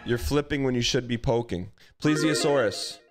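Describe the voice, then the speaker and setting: Teasing male streamer over game music. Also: medium pitch. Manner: quick-witted, teasing chat readers. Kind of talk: casual live-stream chat while gaming.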